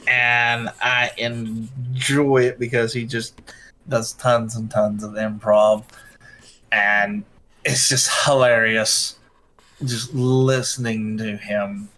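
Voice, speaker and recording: A man chatting off to the side of a stream, often stopping, restarting words and filling gaps. His voice sits at an ordinary, middle pitch. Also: little pitch movement, bright, forceful tone. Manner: halting, many restarts. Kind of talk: casual chat.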